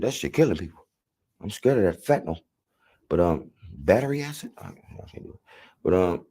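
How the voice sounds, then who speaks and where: A man from South Central Los Angeles with an LA accent, telling his story in an interview in a slangy, rambling, profane way. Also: a bass voice. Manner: slangy, rambling, profane, acts out voices loudly.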